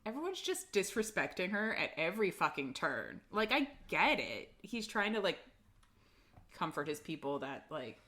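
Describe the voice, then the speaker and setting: Woman podcast co-host, casual book recap, slightly low voice, filler-heavy and blunt. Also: sing-song, moderate pace, bright, forceful tone. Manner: chatty recap with lots of "like" and swearing. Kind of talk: casual book-club chat.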